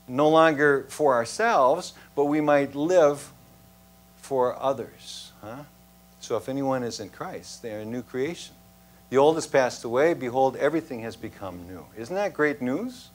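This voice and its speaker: A man's voice: medium pitch, expressive, unhurried. A man preaching a sermon in a church as its pastor, in a conversational storytelling way, often checking in with the congregation. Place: church sanctuary.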